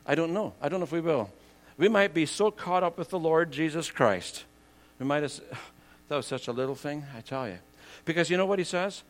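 An older man preaching a sermon, earnest and conversational, swinging from loud emphatic lines to quiet asides. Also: on the high side, animated, normal speed, pauses often.

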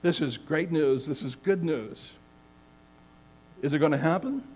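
A man preaching a sermon, earnest and measured, reading scripture aloud with emphasis. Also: on the high side, a little mellow, breathy edge, rough recording.

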